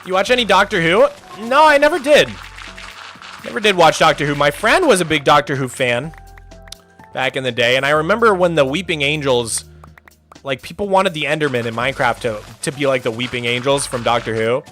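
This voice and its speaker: Young male streamer, bright and fairly high, chatty chat-reader, faint music under. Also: expressive, brisk. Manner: chatty, reads chat aloud, loose restarts. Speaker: streamer host. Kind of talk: casual livestream chat.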